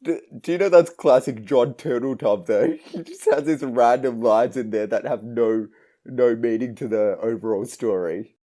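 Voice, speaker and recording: A man co-hosting a podcast, chatting casually about a movie, retelling scenes with animated laughter. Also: medium pitch, moderate pace. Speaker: podcast co-host. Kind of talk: casual movie review chat.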